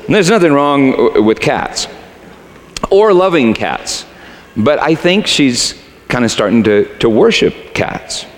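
A man's voice: mid-range voice, sing-song, takes it slowly, slight background noise. A man preaching a sermon, reading scripture animatedly, then speaking conversationally to the congregation. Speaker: pastor. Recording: long hall reverb.

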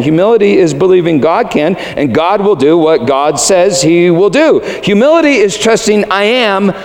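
A man preaching a sermon emphatically, swinging between loud declarations and hushed asides. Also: high-pitched. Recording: long hall reverb.

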